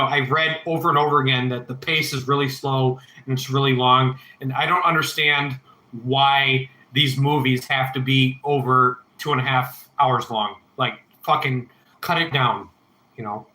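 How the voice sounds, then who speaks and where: A man's voice: medium pitch, fairly even intonation, normal speed, sharp tone, echoey room, rough recording. A man hosting a casual livestream Q&A, rambling through blunt, profanity-laced opinions while answering chat.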